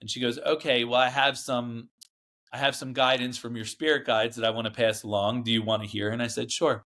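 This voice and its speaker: A man's voice: mid-range voice, little pitch movement, brisk, a bit bright. A man, a podcast guest, telling a personal story in a casual, earnest way, with lots of fillers and restarts.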